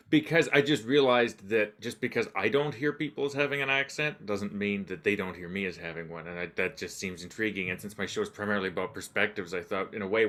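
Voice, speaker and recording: Male podcast host, lowish voice, thinks aloud, wanders then wraps up with a shrug. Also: a bit bright. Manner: musing, self-deprecating, trails off with "but anyway". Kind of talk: casual interview chat.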